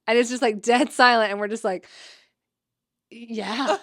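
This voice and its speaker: A woman's voice: on the high side, fast, dry recording. Chatty woman guest, dry close sound. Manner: chatty, heavy use of "like", animated retelling. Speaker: athletic trainer, podcast guest. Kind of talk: casual storytelling interview.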